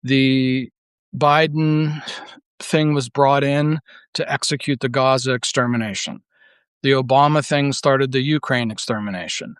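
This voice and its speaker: A man's voice: medium pitch, unhurried, clear, resonant tone, no room sound. A man giving a casual monologue as a political commentator, rambling and blunt, full of filler words and restarts. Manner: blunt and profane.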